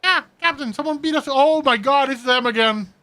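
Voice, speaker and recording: A man voicing a jittery, excitable young pirate lackey in a fan voice-over of game dialogue. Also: extremely high pitch, normal speed, voice pushed up.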